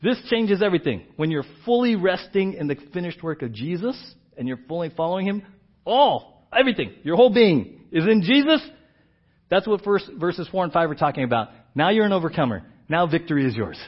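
A man's voice: on the high side, expressive, quick pace, hardly any pauses, highs cut off. Conversational middle-aged male preacher. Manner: conversational, keeps asking "right?"; acts out quoted characters with big swings in loudness. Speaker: pastor. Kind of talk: sermon.

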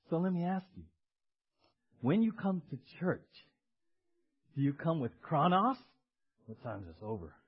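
A man preaching with a high, bright-pitched voice, swinging between loud emphatic words and quieter asides. He keeps calling on the congregation to repeat key words back to him. The recording sounds dull and lo-fi, like an old church sermon tape. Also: breathy edge. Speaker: pastor.

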